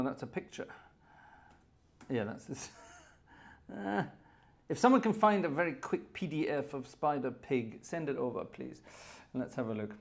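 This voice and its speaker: A man's voice: medium pitch, vocal fry, darkish tone. A man hosting a live organ concert stream, chatting casually, thinking aloud and thanking viewers by name. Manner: rambling, chatty, thinks aloud while searching.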